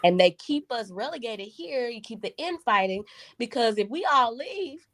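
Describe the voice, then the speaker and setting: A woman co-hosting a podcast in a casual, emphatic conversation, jumping high in pitch when she stresses a point. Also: lively intonation, normal speed, fairly bright tone. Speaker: podcast co-host.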